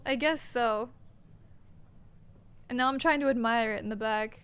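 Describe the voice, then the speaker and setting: Woman streamer, high, joking game chat over faint music. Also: fairly bright tone. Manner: playful, joking, quick to laugh. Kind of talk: casual game commentary.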